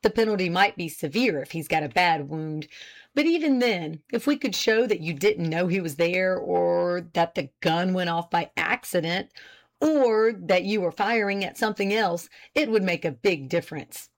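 A woman's voice: fairly low pitch, animated, moderate pace. Woman reading a kindly young man. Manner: kindly, coaxing, laughing easily. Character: friendly young man, a cheerful lawyer. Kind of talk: audiobook character reading.

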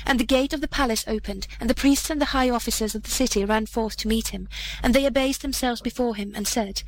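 Brief: a woman storyteller, measured, slightly high, reading a classic fairy tale. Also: slight background noise, poor audio. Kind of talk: fairy tale read aloud.

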